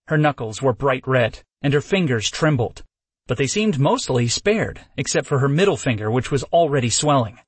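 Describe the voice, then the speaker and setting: Husky-voiced man narrating a story. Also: medium pitch, dry recording. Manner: calm, measured storytelling. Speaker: audiobook narrator. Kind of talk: first-person scripted story narration. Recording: dry close studio sound.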